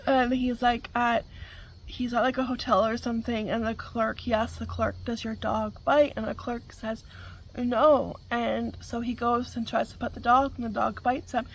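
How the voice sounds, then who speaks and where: A woman's voice: a little high, little pitch movement, normal speed, a little hiss or hum, poor audio. A middle-aged woman, hosting a casual chat, rambling with many fillers and frequent laughter. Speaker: vlog host.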